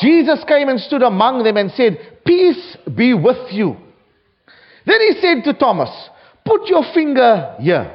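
Male preacher, high voice, lively dramatic delivery, dull lo-fi recording. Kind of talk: sermon with scripture reading.

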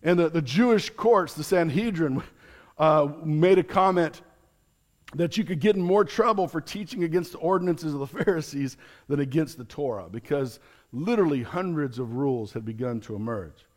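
A man's voice: fairly high pitch, lively intonation, normal speed. A man, a pastor, preaching a sermon in an earnest, explanatory teaching manner with light chuckles.

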